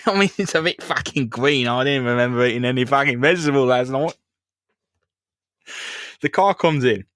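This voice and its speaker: A man's voice: mid-range voice, moderate pace, long pauses, a bit bright, no echo, clean studio sound. A young man hosting a podcast, retelling a comic in casual chat, laughing often and acting out the characters. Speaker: podcast co-host.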